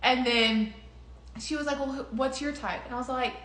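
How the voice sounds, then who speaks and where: A woman's voice: sits high, steady tone, moderate pace, fairly bright tone, roomy sound. A young woman in casual conversation, telling a personal story with lots of laughter and quoted voices. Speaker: podcast co-host.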